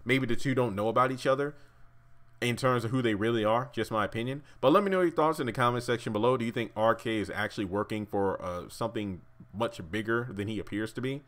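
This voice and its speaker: A man's voice: mid-range voice, fast talker, a bit bright. A man giving a casual fan-theory commentary on a TV drama, rambling and correcting himself, with wry asides. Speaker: YouTube TV commentator.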